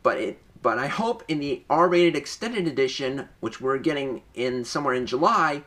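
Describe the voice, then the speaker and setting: An eager young man talks through a movie review in a casual vlog, his pitch swinging lively up and down. His voice is bright and forward, and he rambles, catching himself and restarting mid-sentence. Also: normal speed.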